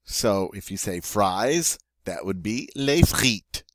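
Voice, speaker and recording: A man teaching French vocabulary, playful and joking, saying each word slowly and twice before giving its meaning. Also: lowish voice, expressive, a bit bright, no echo, studio quality. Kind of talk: vocabulary lesson.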